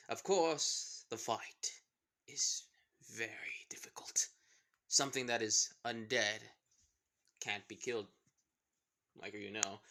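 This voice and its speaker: Rambling, bright-voiced man telling a story. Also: lowish voice. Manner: rambling, chatty, self-interrupting. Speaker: YouTuber narrating a fan story. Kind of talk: casual storytelling.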